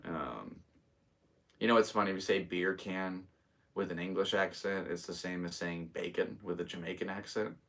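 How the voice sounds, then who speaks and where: A deep-voiced American man in his thirties hosts a solo live podcast. He chats in a loose, easygoing ramble and talks straight to his viewers. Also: moderate pace, a bit bright, distant mic. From United States. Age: 30s. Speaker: podcast host and stand-up comedian. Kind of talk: casual solo livestream chat.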